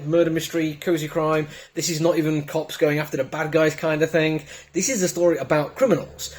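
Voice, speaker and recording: A man with a southern English accent giving a casual, enthusiastic comic book review full of chatty asides. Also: a little high. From Britain.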